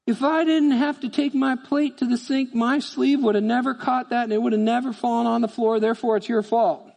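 A man's voice: extremely high pitch, fairly even intonation, a little fast, creaky, a little mellow, long reverb tail, voice pushed up. A man voicing a petulant little girl who blames her parent in an indignant, whiny tone.

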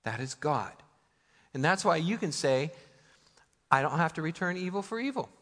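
An American pastor preaches in a church sanctuary with a fairly high, slightly bright voice, lively intonation and a moderate pace. He's conversational and emphatic, putting rhetorical questions to his listeners, and the hall carries a long reverb.

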